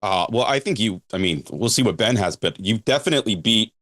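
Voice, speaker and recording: A man's voice: lowish voice, lively intonation, brisk, fairly bright tone, dry recording, clean studio sound. A man co-hosting a podcast, talking in a laid-back, hesitant way. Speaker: podcast co-host. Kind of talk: casual podcast chat.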